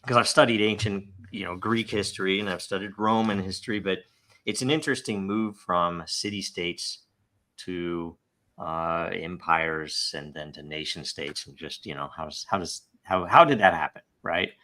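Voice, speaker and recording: A man's voice: deep voice, normal speed, sharp tone. A man hosting a podcast, reading listener questions and giving emphatic, rambling opinions, often laughing. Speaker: podcast host. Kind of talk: casual podcast discussion.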